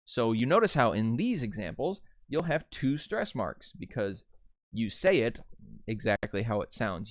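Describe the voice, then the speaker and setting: A man giving a casual slideshow lesson on pronunciation, relaxed, with frequent "uh" fillers and words sounded out slowly. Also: medium pitch, no echo. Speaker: voice and dialect teacher.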